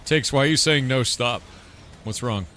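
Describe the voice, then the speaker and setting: A man's voice: mid-range voice, moderate pace, sharp tone, a little hiss or hum. A man streaming a game, giving casual commentary and playfully teasing chat with silly mispronunciations. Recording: faint music behind.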